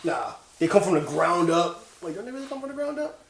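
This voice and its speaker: A man's voice: high voice, quick pace, gravelly, roomy sound, a crowd in the background. A man co-hosting a casual gaming podcast, rambling and laughing as he tells stories. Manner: laughing, excitable, rambling storyteller. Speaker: podcast co-host. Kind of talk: casual chat.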